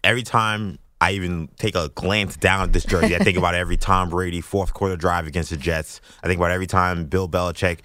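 Deep-voiced man, mock-mournful. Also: steady tone, fast talker, few pauses, bright, forceful tone, dry recording. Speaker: executive producer. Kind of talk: casual radio banter.

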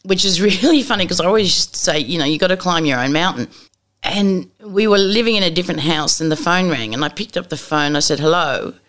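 A woman's voice: on the low side, fast, few pauses. A middle-aged woman telling candid stories as an interview guest, bluntly and with acted-out dialogue. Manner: blunt and lively, acts out dialogue, casual swearing.

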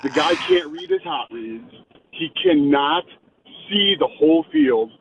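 A man argues a sports point in an emphatic way, his gravelly voice swinging widely up and down. He comes through a tinny phone line with faint noise behind him. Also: high voice, unhurried. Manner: emphatic, animated. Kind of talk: opinionated sports talk.

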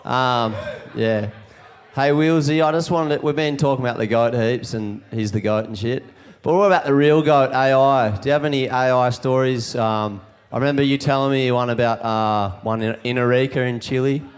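Smooth-voiced Australian man asking for stories. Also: medium pitch, moderate pace. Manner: casual, chatty, prompts guests.

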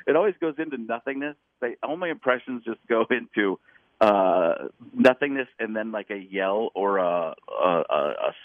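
A man's voice: fairly low pitch, expressive, no echo. A middle-aged man, a comedian calling in, chatting about how he builds voices, often stopping and restarting. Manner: explains voices in stops and starts, drops into quick impressions. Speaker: comedian guest. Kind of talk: casual chat. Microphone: phone call-in. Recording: tinny phone line.

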